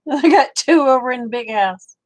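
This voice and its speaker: A woman's voice: sits high, moderate pace, poor audio. Sleepy older woman chatting. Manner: drawling, chatty, reads viewer comments aloud. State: sleepy, yawning. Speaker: livestream host. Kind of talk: casual livestream chat.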